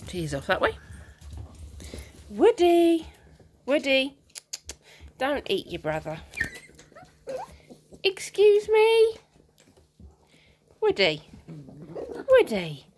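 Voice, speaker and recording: A woman's voice: a little high, wildly swooping pitch, drawn-out words, long pauses, a little mellow, a little hiss or hum. A woman filming her puppies at home, chatting and cooing to them in a sing-song baby-talk way. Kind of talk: casual chat to dogs while filming. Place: indoor living room at home. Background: puppies playing.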